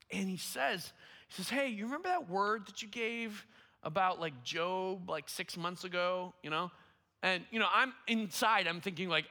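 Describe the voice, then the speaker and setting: A young man preaching, telling a story in an animated, self-deprecating way, full of fillers like "like" and "you know.". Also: sits high, moderate pace. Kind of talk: sermon storytelling. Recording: long hall reverb.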